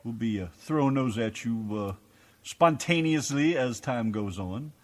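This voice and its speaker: Lively joking American man co-hosting radio. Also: mid-range voice, a little slow. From United States. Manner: joking, teasing, lively delivery. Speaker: co-host. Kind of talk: casual radio chat.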